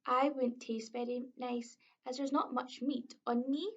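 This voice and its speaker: A woman's voice: high voice, level tone, a little slow, breathy edge, full character voice. A woman with a Scottish accent voicing the smallest billy goat, timid and hungry, in a tiny pleading voice. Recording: dull lo-fi recording.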